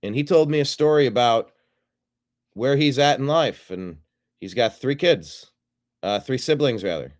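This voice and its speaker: A man's voice: medium pitch, animated, measured pace, pauses often. Rambling male livestream host. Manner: rambling, retelling a phone call with quoted dialogue. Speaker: show host. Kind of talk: casual livestream monologue.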